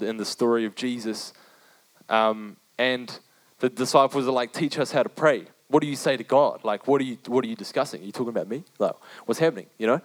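A young man delivering a sermon in a loose, conversational way, full of slang and repeated phrases. His voice sits a little high for a man. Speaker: preacher.

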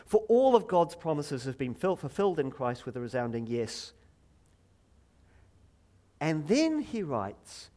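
A middle-aged man preaching a lively, joking sermon from a church stage, chatty and self-deprecating, drawing the congregation in. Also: fairly high pitch, measured pace, pauses often. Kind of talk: playful sermon with audience participation.

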